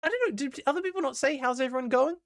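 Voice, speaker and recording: A man's voice: very high voice, very fast, vocal fry. An Australian man streaming games, chatting casually and answering his chat as he plays.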